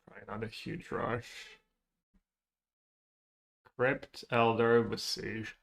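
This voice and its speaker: A man's voice: fairly low pitch, level tone, takes it slowly, creaky, a little hiss or hum. A man streaming a card game, thinking aloud about his plays and chatting with viewers in a casual, muttering way. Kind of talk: casual stream commentary while playing.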